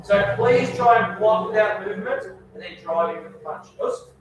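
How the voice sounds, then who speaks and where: A man's voice: sits high, normal speed, background noise. A man teaching a children's karate class, giving instructions and praising his students often. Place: indoor training hall. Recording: very echoey hall, mic far off.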